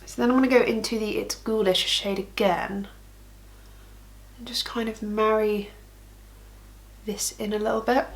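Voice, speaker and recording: A woman makeup vlogger chatting casually through a tutorial, giggly and thinking aloud as she works. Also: a little high.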